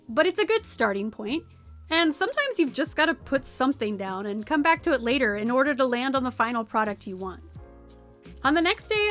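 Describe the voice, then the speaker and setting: A woman's voice: high-pitched, fairly bright tone. A woman streamer chatting playfully through a cozy let's play, gossiping about her game villagers. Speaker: streamer and game channel host. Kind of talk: casual let's play commentary.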